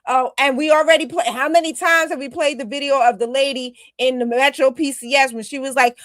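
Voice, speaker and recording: A woman's voice: sits high, fairly even intonation, fairly quick, hardly any pauses, dry recording, clean studio sound. A woman co-hosting a podcast, giving emphatic, scolding commentary aimed straight at her critics. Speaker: podcast co-host. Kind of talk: casual commentary.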